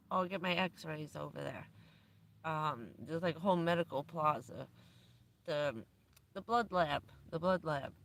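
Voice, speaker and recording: A woman's voice: low-pitched, vocal fry, fairly bright tone. A woman hosting a livestream, telling stories in a chatty way and laughing often. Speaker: livestream host. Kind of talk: casual chat to a live audience.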